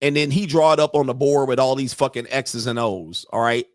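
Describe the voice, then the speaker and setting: A man's voice: mid-range voice, fairly quick, dry recording, studio quality. A man hosting a casual commentary stream, telling profane stories and acting out the people he quotes. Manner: animated storytelling, profane, acts out quotes. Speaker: host.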